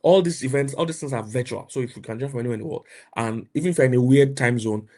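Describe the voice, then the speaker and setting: A middle-aged Nigerian man with a Nigerian accent, preaching and mentoring emphatically, repeating himself and rising to loud outbursts. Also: mid-range voice, quick pace. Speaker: pastor and mentor. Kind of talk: motivational preaching.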